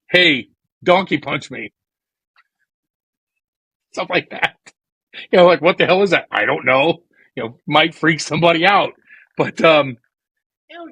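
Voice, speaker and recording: A man's voice: fairly high pitch, fairly bright tone, breathy edge, dry recording, rough recording. A man hosting a podcast, rambling through bawdy, playful banter and acting out quoted lines. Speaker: podcast host. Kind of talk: crude comedic podcast banter.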